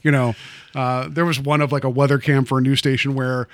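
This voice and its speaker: A man's voice: medium pitch, flat delivery, fairly quick, no room sound. A man hosting a podcast, chatting casually and rambling with lots of fillers and restarts. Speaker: podcast host. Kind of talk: casual chat.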